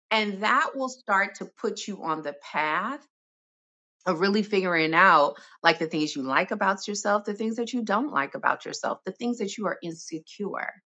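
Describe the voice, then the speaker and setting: A woman speaking as a self-love expert in a podcast interview, expressive and animated, sometimes dropping to a soft reflective tone. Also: medium pitch. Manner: animated and expressive, acting out inner voices with laughs.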